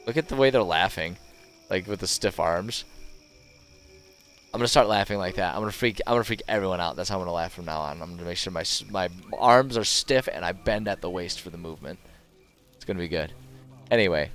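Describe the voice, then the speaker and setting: A man's voice: low-pitched, brisk, fairly bright tone. A man streaming a video game, commenting casually with sarcastic jokes at the characters. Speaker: gaming streamer.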